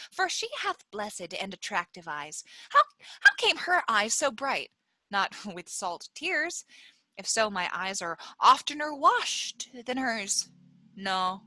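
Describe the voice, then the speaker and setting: A woman's voice: medium pitch, sharp tone, dry recording, pitched below the performer's own voice, exaggerated voice. A woman reading the part of a heartsick, self-pitying young woman, with plaintive, dramatic delivery.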